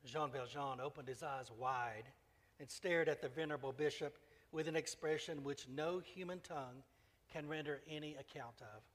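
A male pastor delivers a sermon in an earnest, measured way. His voice sits slightly high. A long hall reverb trails each phrase. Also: steady tone, a bit bright. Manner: earnest, measured preaching, reading aloud from a novel.

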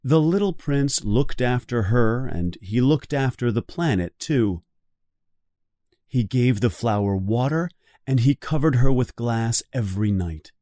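Man reading a story for learners, very slow, lively pitch, close dry sound. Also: no echo. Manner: very slow, clear and expressive. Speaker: reader of a graded story for learners.

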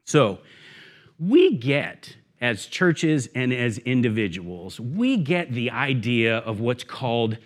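A man's voice: mid-range voice, slow. A man preaching a sermon as a guest speaker, telling a story with acted-out voices and then moving into his message. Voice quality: bald. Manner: animated storyteller, acts out shouts. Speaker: guest preacher, church network director.

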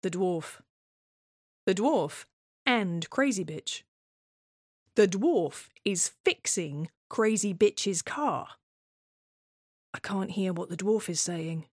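A woman's voice: mid-range voice, expressive, takes it slowly, pauses often, a little mellow, no room sound, studio quality. A woman performing a scripted dramatic monologue in a tense, wary, obsessive way. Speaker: playwright and solo performer.

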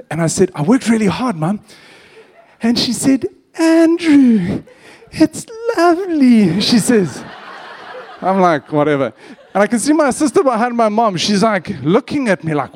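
A man preaching a sermon, opening with a cheeky personal story and acting out the voices in it. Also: high voice. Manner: animated storyteller, acts out quotes, cheeky humor. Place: church.

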